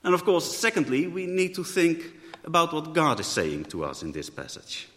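A man's voice: a little high, big pitch swings, moderate pace, a bit bright. A man preaching a sermon in a thoughtful way, often rephrasing mid-sentence. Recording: echoey hall.

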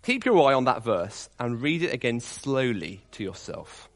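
A man preaching a sermon to his congregation, reading scripture aloud and dropping to quiet, intimate appeals. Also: medium pitch, very animated, moderate pace.

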